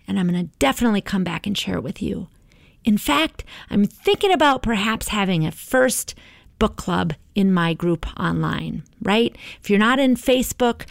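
A woman's voice: medium pitch, gravelly, no room sound, studio quality. A middle-aged woman hosting a podcast, talking in an encouraging, motivational way and often checking in with "right?". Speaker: podcast host.

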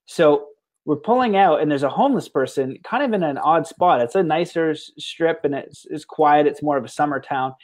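A man's voice: fairly high pitch, brisk. A man hosting a podcast, telling a rambling story in casual conversation with many restarts, now and then laughing. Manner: rambling, with frequent restarts and fillers; animated, with bursts of laughter. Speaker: podcast host.

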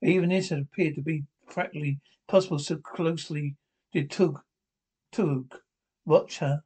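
A man with a somewhat high voice reads a classic adventure novel aloud. He stumbles and restarts words often, pressing on through the story in an unpolished, amateur narration. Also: fairly even intonation, mellow, breathy edge, poor audio. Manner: halting, frequent restarts and stumbles. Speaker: audiobook narrator.

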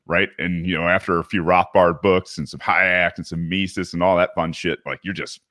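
A man with a booming, deep, comforting voice, chatting casually as a podcast guest, laid-back and swearing freely. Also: steady tone, a little fast, few pauses, sharp tone, dry recording, clean studio sound. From US South.

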